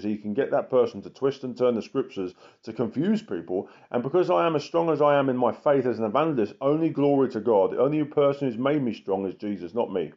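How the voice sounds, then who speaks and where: A man, an evangelist giving an impassioned sermon full of emphatic repetition. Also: mid-range voice. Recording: muffled lo-fi recording.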